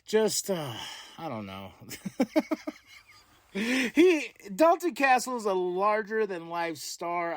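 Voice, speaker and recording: A man hosting a podcast, recapping wrestling in a casual, excitable way, chuckling often and slipping into wrestler voices. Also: a little high, no echo, studio quality. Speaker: podcast host.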